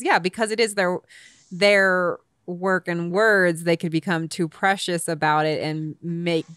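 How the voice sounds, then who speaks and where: A woman hosting an interview, talking in a chatty, animated way with lots of fillers. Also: medium pitch, smooth, no echo, clean studio sound. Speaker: podcast host. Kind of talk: casual interview chat.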